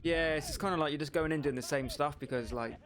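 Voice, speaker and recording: A man's voice: on the high side, quick pace. A young man streaming a shooter game, chatting casually, rambling and swearing with lots of filler words. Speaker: gaming streamer. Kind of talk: casual chat while gaming. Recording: game gunfire loud behind voice. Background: gunfire and game sounds.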